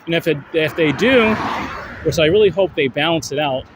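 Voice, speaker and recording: A man's voice: fairly high pitch, expressive, moderate pace. A man hosting a casual evening walking livestream, rambling and laughing as he reads out viewers' comments. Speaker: livestream host. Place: outdoors on a street walk in the evening. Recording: outdoor stream with loud traffic noise.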